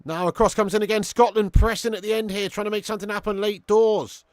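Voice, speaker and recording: A man hosting a live football watch-along stream, chatting with viewers, swearing and getting excitable. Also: sits high, fast talker, dry recording, clean studio sound.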